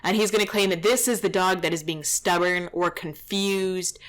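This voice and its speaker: A woman's voice: on the low side, fairly even intonation, normal speed, a bit bright. A young adult woman, a dog trainer, giving indignant, exasperated running commentary over a training video.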